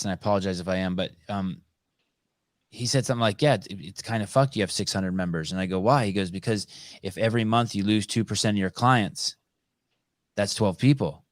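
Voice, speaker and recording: A man's voice: on the low side, fairly quick, no room sound, clean studio sound. A man hosting a podcast, chatting bluntly and casually, riffing on ideas with plenty of swearing. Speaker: podcast host. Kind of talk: casual interview conversation.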